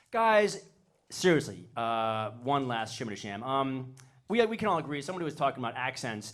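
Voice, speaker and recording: A man's voice: mid-range voice, a bit bright. A man doing a rambling, self-mocking stand-up set on a comedy stage into a handheld mic.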